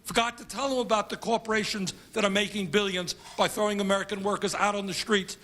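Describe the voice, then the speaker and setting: A man's voice: sits high, steady tone, quick pace, pushed and bright. A congressman giving an emphatic speech at a conference, building his points through repeated phrases.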